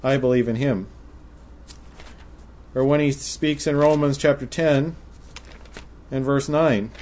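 A man preaching a sermon, speaking in a measured way and reading scripture passages aloud in old-style wording. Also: mid-range voice, steady tone, darkish tone, a little hiss or hum.

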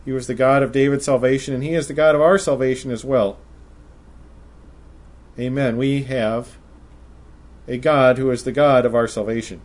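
A man preaching a sermon, speaking in a measured way and reading scripture passages aloud in old-style wording. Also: mid-range voice, steady tone.

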